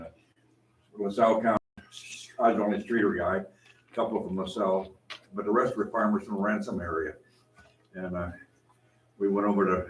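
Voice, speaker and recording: A man's voice: sits low, slight background noise. A man in his eighties chatting in a gym, telling rambling stories with lots of restarts. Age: 80s. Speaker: guest. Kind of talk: casual chat, storytelling. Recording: roomy, distant from the mic.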